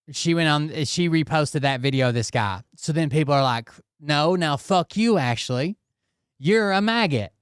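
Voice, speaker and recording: Profane, dry-voiced commentary ranter. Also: male voice, mid-range voice, fairly bright tone, clean tone, no room sound. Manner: profane, repeats "okay?" and "blah, blah, blah". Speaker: commentary channel host. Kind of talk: casual ranting commentary.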